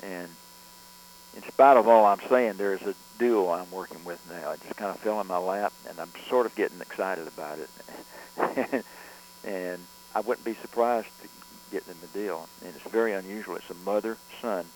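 A man, a record producer, telling studio stories in a relaxed interview, rambling with frequent restarts and fillers. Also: deep voice, moderate pace, a little hiss or hum, rough recording. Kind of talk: conversational storytelling interview.

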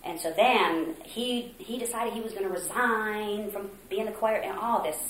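A woman from Mexico being interviewed, earnestly recounting a story, acting out quotes with hesitant pauses. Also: medium pitch. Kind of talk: oral history interview. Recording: roomy echo, faint noise.

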